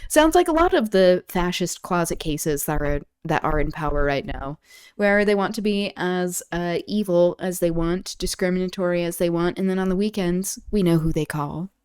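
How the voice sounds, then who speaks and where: A woman's voice: lowish voice, lively intonation, normal speed, a little mellow, clear, resonant tone, no echo, studio quality. A woman hosting a streamed book club, reading a play and chatting about it casually, irreverent and blunt, full of fillers. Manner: irreverent, blunt, frequent fillers, swears freely. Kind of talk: casual reading and commentary on a livestream.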